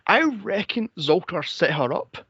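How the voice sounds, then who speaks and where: A man's voice: high-pitched, sing-song, unhurried, a bit bright, slightly rough, no room sound, highs cut off. A man co-hosting a movie podcast, chatting casually, swearing and mocking the film with silly impressions of its characters. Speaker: podcast co-host. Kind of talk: casual movie review chat.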